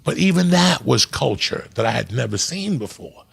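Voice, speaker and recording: Gravelly New man telling stories. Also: mid-range voice, normal speed. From New Jersey. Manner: profane, animated storyteller. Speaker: podcast guest. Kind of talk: casual storytelling.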